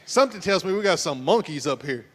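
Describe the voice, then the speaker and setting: A pastor runs a couples game show from the altar, teasing and joking with the crowd. His voice sits a little high for a man. It rings out with a long reverb through the church sanctuary. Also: expressive, fast talker. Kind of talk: playful game show hosting.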